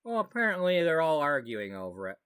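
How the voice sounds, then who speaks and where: A man's voice: a little high, wildly swooping pitch, a little fast, fairly bright tone, clear, resonant tone, no echo. A man chatting casually while gaming, rambling, correcting himself and joking as he goes. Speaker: gaming storyteller. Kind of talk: casual gameplay chat.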